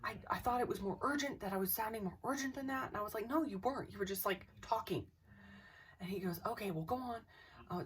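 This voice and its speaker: A woman's voice: medium pitch, breathy edge, far from the mic. A woman casually telling a personal ghost story to camera, rambling and acting out what people said. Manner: animated, rambling, acts out quotes.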